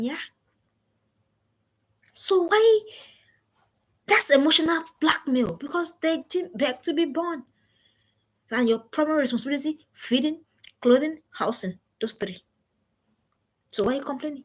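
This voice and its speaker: A woman's voice: high-pitched, a bit bright, husky. A middle-aged woman gives an emphatic live-stream parenting talk, repeating her key phrases. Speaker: parenting coach. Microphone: home streaming setup.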